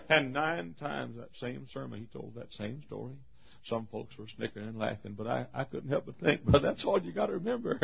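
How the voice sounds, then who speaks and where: A man preaching a sermon, telling stories and laughing often between phrases, moving from hushed storytelling to shouted appeals. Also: a little fast, gravelly, slightly rough. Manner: swings from hushed storytelling to shouted high-pitched exhortation. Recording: dull lo-fi sermon recording.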